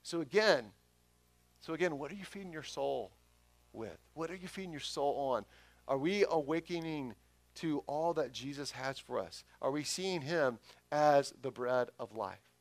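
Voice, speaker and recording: Male pastor, sermon, casual preaching with loud peaks, fairly high voice, dry close sound. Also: lively intonation, normal speed, no room sound. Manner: conversational preaching, rises loud for emphasis.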